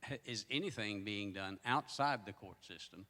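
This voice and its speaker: A man's voice: fairly low pitch, moderate pace, pushed and bright. A man from the audience asking a question in a hesitant, formal way. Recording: far from the mic in an echoing hall.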